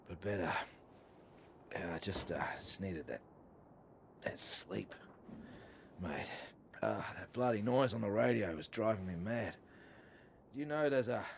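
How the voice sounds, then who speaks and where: An actor playing a gruff, injured man who talks bluntly and swears casually. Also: lowish voice, slight background noise. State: hurting from a leg injury.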